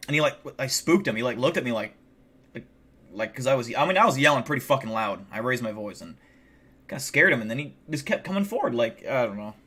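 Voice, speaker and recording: A man's voice: mid-range voice, animated, fast, pushed and bright, slightly rough. A man live streaming, telling a story in a casual, rambling way, swearing a lot and filling his talk with "like". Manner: rambling and heavily profane, many fillers like "like".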